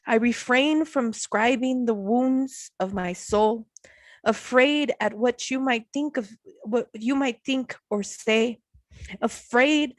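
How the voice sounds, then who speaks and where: A woman reading her own poetry at an online open mic from home, slow and measured, pausing between lines. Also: fairly high pitch, dry recording.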